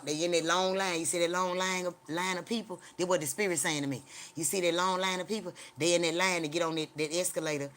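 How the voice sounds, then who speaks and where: A woman's voice: low voice, a bit bright. A woman hosting a livestream, telling a long story in a rambling, profane way, padding it with filler sounds and talking straight to her viewers. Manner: chats directly to her viewers. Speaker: livestream host.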